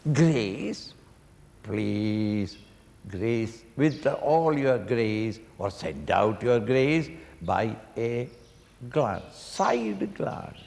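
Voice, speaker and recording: An older man giving a slow spiritual discourse, acting out pleading cries and chuckling as he explains a hymn. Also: on the low side, lively intonation, gravelly, a little mellow. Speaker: swami teaching a Sanskrit hymn. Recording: reverberant hall, faint noise.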